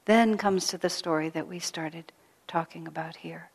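A woman with a slightly low voice gives a spiritual storytelling talk. She speaks softly and reflectively, often sinking to a near whisper. She repeats key phrases for emphasis. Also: moderate pace, gravelly, husky, long reverb tail. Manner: soft-spoken, often drops to a hush. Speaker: spiritual teacher.

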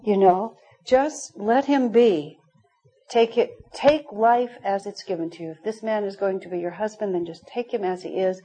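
A woman's voice: medium pitch, poor audio. A middle-aged woman teaching a spiritual class, telling stories with frequent laughter. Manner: warm storytelling, laughing often. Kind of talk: spiritual class talk with anecdotes.

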